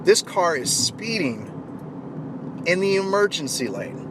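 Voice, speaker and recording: A man telling a motivational story in an animated way, acting out the shouting voices of the people in it. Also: high-pitched, measured pace. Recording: clear traffic noise.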